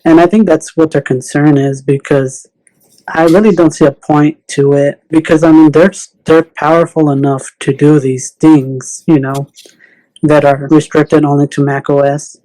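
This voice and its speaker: A man talks as a podcast guest in a mellow, relaxed voice. He sounds hesitant and fills his sentences with "you know". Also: fairly high pitch, moderate pace, poor audio. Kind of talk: casual podcast chat.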